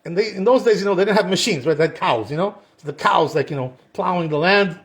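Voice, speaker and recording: High-voiced male rabbi, talkative storyteller teaching a casual lesson. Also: fast talker. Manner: chatty, peppered with "you know" and Hebrew terms, acts out quotes.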